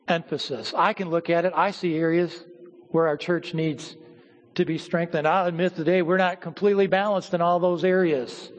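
A man preaching a sermon to his church as its pastor, teaching at a measured pace with pauses and repeated words. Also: fairly high pitch. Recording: hall reverb.

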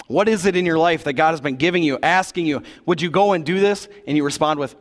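A man preaches in a church, telling the story with a relaxed, chatty energy and slang tossed in. His voice sits a little high for a man. It rings out with the long reverb of a big hall. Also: fairly quick, hardly any pauses. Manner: casual, animated retelling of scripture, slangy asides. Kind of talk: sermon.

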